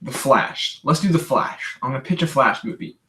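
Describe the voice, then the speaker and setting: A man's voice: medium pitch, lively intonation, normal speed, bright, forceful tone. A young man from Canada hosting a livestream, chatting casually and rambling through viewer questions with many restarts, tired today. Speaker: livestream host.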